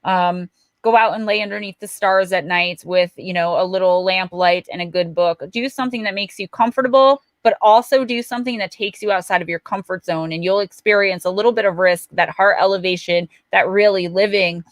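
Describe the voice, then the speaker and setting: A woman's voice: medium pitch, fairly quick, no room sound. Chatty woman doing card readings, dry sound. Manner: chatty, reassuring, joking. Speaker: oracle card reader. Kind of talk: live-stream card reading.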